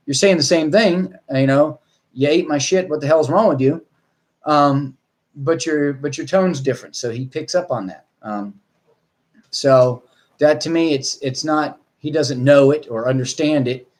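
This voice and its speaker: A man's voice: a little high, darkish tone. A man, a dog trainer, talking casually to viewers in a rambling, blunt way with mild swearing.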